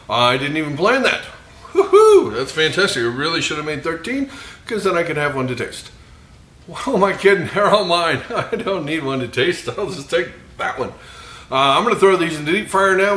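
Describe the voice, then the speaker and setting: A man's voice: fairly high pitch, a bit bright, echoey room. A man hosting his own cooking video, chatting casually with self-mocking jokes as he fries food. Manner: joking, self-mocking asides with quick laughs. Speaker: cooking channel host. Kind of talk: casual cooking tutorial chat.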